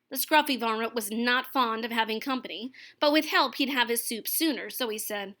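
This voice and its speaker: A young woman reading a children's picture book aloud, expressive and gentle. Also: on the high side, normal speed. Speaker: storyteller.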